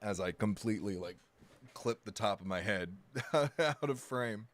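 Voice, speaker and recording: On a live stream, a man with a fairly low voice speaks unhurriedly with lively intonation. His casual chatter wanders, he keeps correcting himself, and he jokes with the people in his chat.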